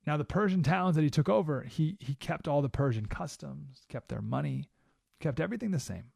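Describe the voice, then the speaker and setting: A male talk radio host delivers an emphatic studio monologue and keeps asking his listeners "right?". His voice sits a bit high for a man, and the mic sound is close and dry. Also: animated, brisk, creaky, darkish tone, slightly rough, no echo.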